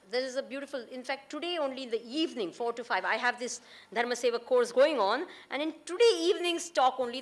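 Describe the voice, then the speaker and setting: A woman with an Indian accent lectures an audience in a high-pitched, fairly bright voice. She often asks her listeners questions and mixes Hindi and Gujarati phrases into her talk.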